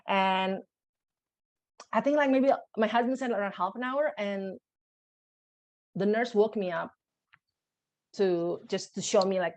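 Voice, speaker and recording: A young adult woman, a podcast guest with a medium-pitched voice, recounts her personal birth story in conversation. She's emotional and halting, often restarting her sentences.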